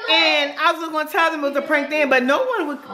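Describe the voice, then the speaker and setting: A woman's voice: high-pitched, fast, background noise. A woman in her thirties, a mother hosting a casual family vlog at home, teasing her kids and laughing often. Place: home kitchen. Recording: children chattering over the voice.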